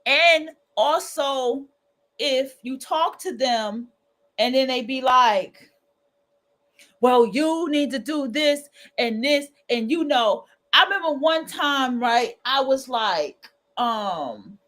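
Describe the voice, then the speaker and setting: Woman livestream host, aave, chatty and animated, slightly high voice. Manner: colloquial, animated, acts out quoted voices. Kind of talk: casual freestyle monologue.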